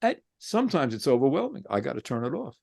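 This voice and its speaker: A man's voice: mid-range voice, big pitch swings, fast, vocal fry, a little mellow. A man who is a philosophy professor and author, answering an interview with impassioned rhetorical questions. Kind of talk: interview answer, reflective monologue.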